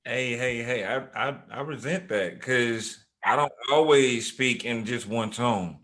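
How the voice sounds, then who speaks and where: A man with a mid-range voice hosts an interview. He asks questions in a relaxed way and stumbles over repeated words as he restarts. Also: mid-range voice, unhurried. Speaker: host. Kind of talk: conversational interview.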